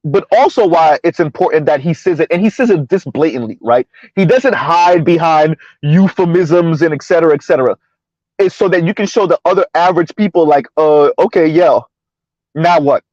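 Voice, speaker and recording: A brisk, slightly high, somewhat mellow male voice belongs to a casual commentary vlog host. He keeps laughing and asking the audience "right?" Captured without echo, the recording is dry and has a dull lo-fi quality.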